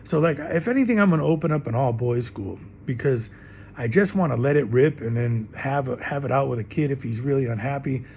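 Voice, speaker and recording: A man's voice: mid-range voice, fairly quick, creaky, darkish tone, slight background noise. A middle-aged man teaching in an emphatic, rambling monologue, often repeating himself. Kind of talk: impassioned monologue to camera.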